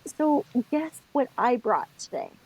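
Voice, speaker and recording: A woman's voice: high voice, measured pace, husky, poor audio. A woman co-hosting a casual spiritual chat podcast, talking expressively and often stopping to rethink mid-sentence. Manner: expressive, thinks aloud, self-interrupting. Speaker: podcast co-host.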